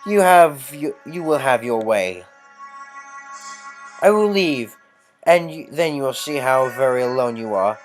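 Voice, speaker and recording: A player reading a haughty sister cast out by her brother, playing it with stagey pride. The delivery moves lively through its pitch, over faint game music. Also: unhurried, pauses often, close to an everyday voice. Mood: proud hurt. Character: proud older sister defending herself.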